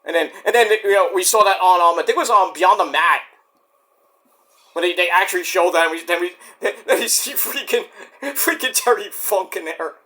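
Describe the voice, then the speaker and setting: A podcast host with a high, bright, forceful voice rambles casually about wrestling at a normal pace. He swears and acts out little scenes as he goes.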